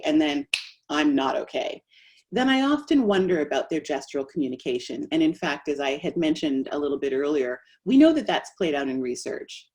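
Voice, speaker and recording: A middle-aged woman, a speech-language pathologist, giving an animated webinar presentation. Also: lowish voice. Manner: animated, acts out quoted voices.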